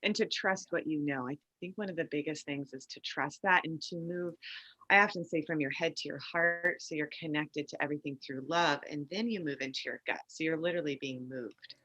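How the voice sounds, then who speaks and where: A woman's voice: sits low, brisk, pushed and bright. A woman hosting a casual interview, talking in an encouraging way and often adding "right?" at the ends of her points. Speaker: host.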